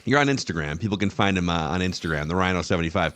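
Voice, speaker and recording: A man's voice: low voice, lively intonation, racing, a bit bright. A man hosting a sports podcast, telling a rambling story and poking fun at himself. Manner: rambling, self-deprecating storyteller. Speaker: podcast host. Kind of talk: casual sports talk.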